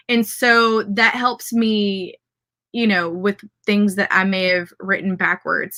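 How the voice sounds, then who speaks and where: A woman's voice: medium pitch, pushed and bright. A woman with a Southern US accent hosting a casual live stream, reading out viewer comments and cheering them on. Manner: bubbly and upbeat, cheering viewers on.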